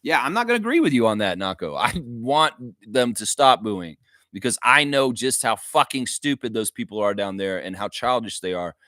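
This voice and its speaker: A man's voice: mid-range voice, lively intonation, normal speed, sharp tone, no room sound, studio quality. A man hosting a live fan reaction stream, talking casually with strong opinions and reading viewer comments aloud. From United States and Canada. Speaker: fan show host.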